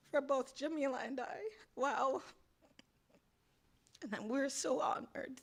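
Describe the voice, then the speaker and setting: High-voiced crying woman accepting an award. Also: measured pace, pauses often. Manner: overwhelmed, apologetic. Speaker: award winner giving a speech. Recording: noisy live event audio.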